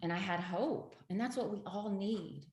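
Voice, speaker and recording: A woman's voice: medium pitch, normal speed, crowd noise. A middle-aged woman, a guest in an interview, telling her own story earnestly and with emphasis. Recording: roomy echo.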